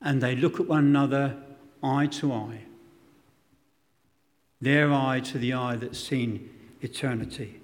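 A man preaching a sermon, dramatic and emphatic, acting out quotes, with self-deprecating humour. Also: medium pitch. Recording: long hall reverb.

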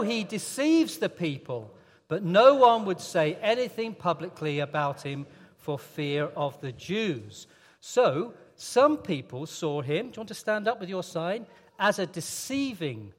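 A man leading a playful, interactive children's talk in church, coaxing volunteers and reading scripture slowly. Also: high-pitched. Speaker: preacher. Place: large church hall. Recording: long church-hall reverb.

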